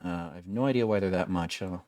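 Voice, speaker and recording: A man's voice: sits low, quick pace, darkish tone, dry recording. A young man giving casual gameplay commentary, wry and complaining, swearing freely as he plays. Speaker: gaming video creator.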